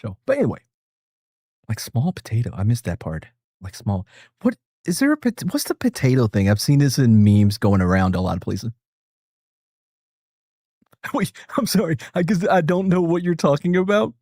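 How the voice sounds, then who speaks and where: A man hosting a casual stream, rambling and joking as he reacts to a video. His voice rises and falls a lot, sitting at an everyday middle pitch. The sound is dry and close. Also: sing-song, moderate pace, long pauses, mellow, no room sound. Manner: rambling, joking, chuckles often. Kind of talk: casual chat.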